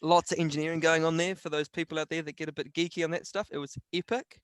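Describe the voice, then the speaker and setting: Excited Kiwi podcast co-host. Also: male voice, fairly high pitch, fast, clear, resonant tone, no echo. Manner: enthusiastic, animated storyteller. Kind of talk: casual chat. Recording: dry close recording.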